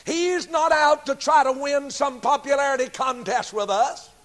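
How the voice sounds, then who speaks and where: High-pitched man, middle-aged preacher, emphatic sermon, loud peaks and quiet asides. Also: fairly even intonation, moderate pace. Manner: emphatic, swings from loud declarations to low asides.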